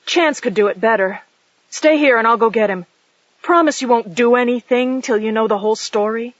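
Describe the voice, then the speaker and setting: A male narrator voicing a level-headed woman who calms an angry companion in an audiobook. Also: extremely high pitch, normal speed, no echo, voice pushed up. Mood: urgently persuasive. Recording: dull lo-fi dry audiobook recording.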